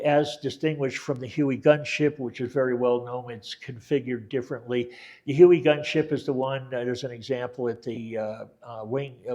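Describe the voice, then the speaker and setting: An older man telling his war story in a relaxed oral-history talk, wandering and correcting himself as he goes, with many fillers and dry quoted lines. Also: medium pitch. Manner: rambling, backtracks and self-corrects, many fillers.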